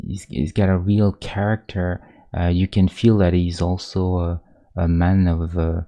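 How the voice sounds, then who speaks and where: A man streaming his pixel art, chatting casually about movies in a rambling, halting way full of restarts that turns animated. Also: low voice, vocal fry. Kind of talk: casual chat while drawing on stream.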